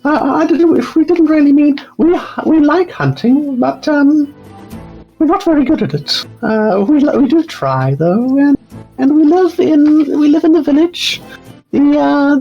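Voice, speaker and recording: A nervous young woman hunter who gushes apologies and trips over her own words, put on by a man in a high falsetto. She rambles on breathlessly while soft music plays underneath. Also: vocal fry, muffled recording, full character voice.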